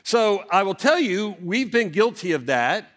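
A middle-aged pastor preaching, his voice sitting a bit high for a man and swooping widely as he tells a story. He dramatizes, rising sharply and then dropping low and quiet for effect. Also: a little slow. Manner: animated, dramatic storyteller with big swings in pitch. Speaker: senior pastor. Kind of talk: sermon with personal storytelling.

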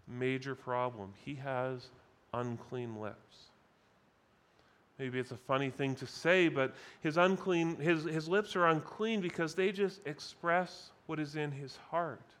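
A man preaching a sermon at a conference, deliberate and emphatic, repeating key phrases for weight. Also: fairly high pitch, fairly bright tone. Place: conference session.

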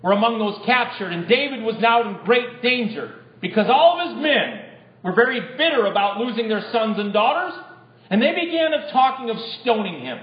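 A man's voice: very high voice, lively intonation, normal speed. A male pastor preaching a sermon to his congregation, putting rhetorical questions to them. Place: church. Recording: echoey, dull lo-fi church recording.

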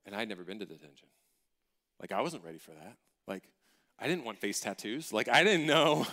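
A man preaching a sermon, telling a personal story in an animated, humorous, conversational way. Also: a little high, fairly quick. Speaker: pastor.

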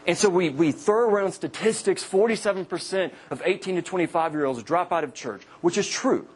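A man in his thirties, a campus minister, preaching to college students with humorous personal stories and lively quoted voices. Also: sits high, fairly quick, a little hiss or hum. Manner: joking storyteller, animated quoted voices.

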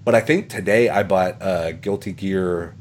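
A man's voice: low voice, unhurried, darkish tone, a little hiss or hum. A man hosting a podcast, talking in a rambling casual way, with plenty of swearing, fillers and laughter. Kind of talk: casual chat.

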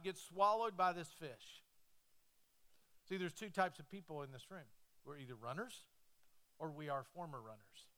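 A male pastor preaches a sermon in a church. His voice sits high and rings bright. He swings between animated, loud stretches and hushed, slow ones. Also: clear, resonant tone.

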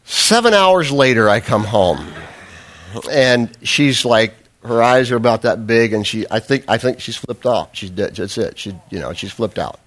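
A man's voice: medium pitch, lively intonation, normal speed, fairly bright tone. Storytelling male pastor preaching a sermon. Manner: humorous storytelling, self-deprecating; earnest, rising to fervent emphasis.

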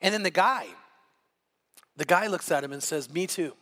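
A man preaching a sermon, retelling a story in a lively way and acting out the people in it with a changing voice. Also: high voice, moderate pace. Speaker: pastor.

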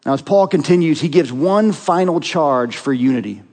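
A man delivers a sermon as pastor, his voice sitting a little high for a man. He speaks earnestly and emphatically, pressing his points with rhetorical questions. His words ring out with a long reverb, as in a large hall. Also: expressive, normal speed, a little mellow.

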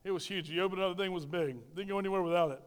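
Rapid-fire and smooth, a middle-aged man's high voice delivers a sermon into a handheld microphone, echoing through a church sanctuary like a large hall. He weaves in stories, repeats phrases, and questions the congregation.

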